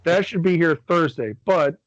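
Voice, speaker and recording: This podcast co-host is a middle-aged man from Michigan, USA, whose voice is a little high and moves at a moderate pace. He rambles through a long story in casual conversation, cursing freely and acting out people's words, all captured on a dry recording with dull audio.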